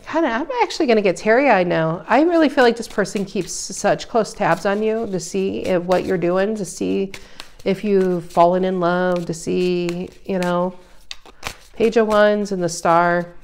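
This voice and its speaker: A woman giving a casual tarot reading, emphatic and animated, her voice rising loud and dropping soft. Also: fairly low pitch, slow pace. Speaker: tarot reader.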